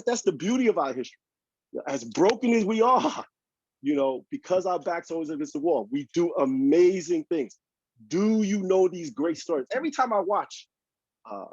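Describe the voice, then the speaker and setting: A man's voice: on the high side, a little mellow, breathy edge, no room sound, highs cut off. A man speaking as a panelist in a fervent panel talk, asking rhetorical questions, heard over a video call.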